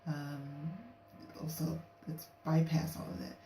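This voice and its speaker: A woman's voice: deep voice, unhurried. Chatty woman telling a story in an echoey room. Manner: chatty, animated, acts out quotes of herself and her date. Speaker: vlogger. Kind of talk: casual storytelling to camera. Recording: echoey room, distant mic, faint hiss.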